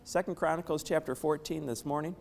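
A man with a hoarse voice from a head cold, preaching a sermon in a chatty way and asking the congregation questions. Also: fairly high pitch, steady tone, fairly quick, darkish tone. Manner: conversational, asks the congregation questions. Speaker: pastor. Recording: long hall reverb.

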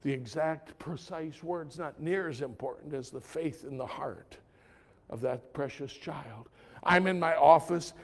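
A male pastor preaching a sermon in a conversational, storytelling way, swinging from loud emphatic lines to hushed soft ones. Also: fairly high pitch, measured pace.

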